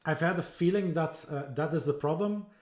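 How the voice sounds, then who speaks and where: A man hosting an interview over a video call, speaking haltingly with many fillers and restarts. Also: fairly high pitch, crowd noise. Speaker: host, interviewer. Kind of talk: casual interview chat. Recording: echoey room.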